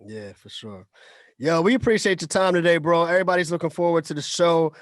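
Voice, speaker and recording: A man's voice: on the high side, lively intonation, fairly quick, dry recording, studio quality. A man co-hosting a radio show, upbeat as he thanks the guest and plugs an event. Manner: upbeat, promotional. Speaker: radio co-host. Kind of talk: casual radio sign-off and plugs.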